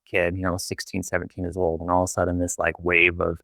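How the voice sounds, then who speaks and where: A man's voice: low voice, monotone, fast, vocal fry, pushed and bright, no echo, studio quality. A young man talking as a podcast guest, telling his story in a candid, rambling way full of "like". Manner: candid, rambling, heavy use of filler "like". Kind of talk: casual interview storytelling.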